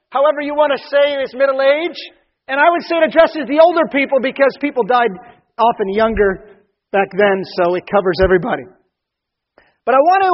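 A male preacher with a strikingly high voice tells stories from the pulpit, building to emphatic peaks and sinking to quiet, low asides. The sound is dull and muffled, with a long reverb trailing through a large hall. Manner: animated storytelling, rising emphatic for punchlines, dropping low and soft. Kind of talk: sermon.

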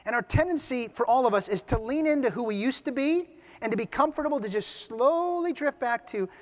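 High-voiced preacher telling stories animatedly. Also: male voice, brisk. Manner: animated storytelling with asides. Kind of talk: sermon. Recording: reverberant hall.

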